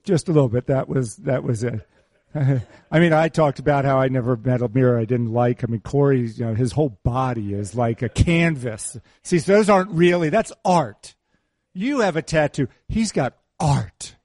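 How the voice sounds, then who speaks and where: Middle-aged guy preaching, chatty and teasing, repeats himself, dry mellow voice. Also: medium pitch, moderate pace, dry recording. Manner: conversational, teasing, repeats key phrases. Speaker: pastor. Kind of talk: sermon.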